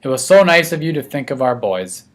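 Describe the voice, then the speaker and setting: A man voicing a patient, gentle mother with a soothing, coaxing manner in an audiobook. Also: mid-range voice, very animated, brisk, close to an everyday voice. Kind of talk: audiobook character voice.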